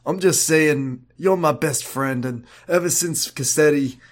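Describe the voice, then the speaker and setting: A man voicing a big, dim, sad muscleman sidekick, talking slowly and haltingly in a comedic podcast role-play. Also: on the high side, natural voice. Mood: mopey. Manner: slow, mopey, halting.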